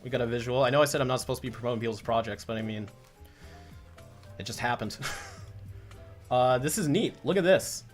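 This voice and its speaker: A man's voice: mid-range voice, brisk, pauses often, faint music behind. A man hosting a casual livestream as a comic creator, chatty and rambling, full of restarts.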